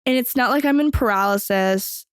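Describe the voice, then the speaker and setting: In clean, echo-free studio audio, a young adult woman with a fairly high voice talks at normal speed. As a podcast host, she rambles through a lengthy personal story, peppered with fillers and casual swearing.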